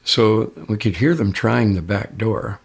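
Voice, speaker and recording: A man's voice: lowish voice, measured pace, vocal fry, husky. An older man casually telling a first-person story, jumping his voice up when he quotes others. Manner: raises his voice sharply when quoting others. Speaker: interviewee recounting an experience.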